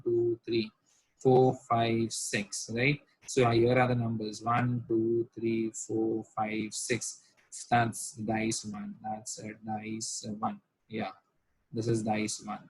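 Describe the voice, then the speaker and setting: A man's voice: medium pitch, slightly rough, no room sound, low-quality recording. A man, teaching a recorded math lesson and often asking whether students follow. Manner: repetitive, checks understanding with rhetorical questions. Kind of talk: recorded lecture at a whiteboard.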